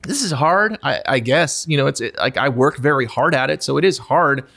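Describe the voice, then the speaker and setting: A man in his forties, a guest musician talking candidly in a podcast conversation, who slips into high mock voices to act out asking for attention. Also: animated, moderate pace, gravelly, sharp tone. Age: 40s.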